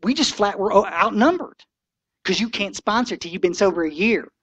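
A man's voice: sits high, lively intonation, moderate pace, fairly bright tone, dry recording, dull audio. A man in his sixties giving an impassioned, folksy talk to a recovery meeting, preachy and blunt.

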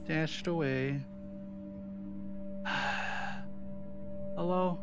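A man's voice: high-pitched, animated, measured pace, long pauses, background noise. A man hosting a horror game let's play, yelping at scares and grumbling about the controls. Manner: jumpy, yelps and screams at scares, self-mocking complaints. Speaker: gaming channel host.

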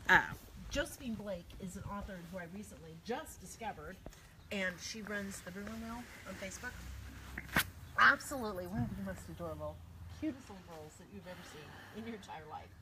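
A woman's voice: lowish voice, very animated, fairly quick, a crowd in the background. A woman author hosting a casual live-stream chat from her home, chatty and greeting viewers by name. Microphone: phone or laptop streaming live.

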